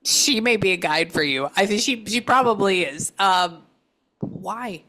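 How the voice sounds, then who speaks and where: A woman psychic medium giving a casual reading, halting often to listen before going on. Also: medium pitch, lively intonation, sharp tone.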